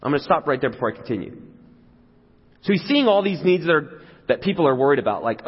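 A man's voice: fairly high pitch, big pitch swings, fast, pauses often, breathy edge. A man preaching a sermon in a casual, conversational way, sometimes acting out the voices of the crowd. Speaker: pastor. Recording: dull sound with long hall reverb.

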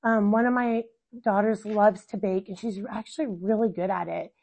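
A woman in her thirties, a mother talking in an animated, casual way about parenting. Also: mid-range voice, normal speed, vocal fry. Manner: animated, acts out quoted family dialogue. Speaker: mother and guest. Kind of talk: casual conversation.

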